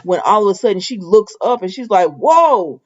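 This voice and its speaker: A woman's voice: mid-range voice, fast talker. A woman casually recapping a soap opera episode, retelling scenes in quoted dialogue with her own asides. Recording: dull lo-fi sound.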